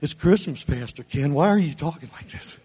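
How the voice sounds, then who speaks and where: A man preaching a sermon as pastor, blunt and folksy, with his voice swinging between loud, high exhortation and low, quiet murmurs. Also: lively intonation, a little fast, husky. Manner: preaching, voice rising and falling sharply between shouts and low murmurs; blunt, folksy delivery with casual contractions.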